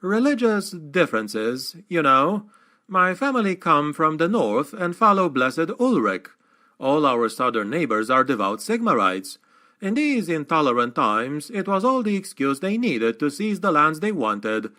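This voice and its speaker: A man's voice: a little high, big pitch swings, a little slow, bright, forceful tone, voice pushed up, exaggerated voice. A man voicing a proud young noble heir in an audiobook, with refined, cultured speech.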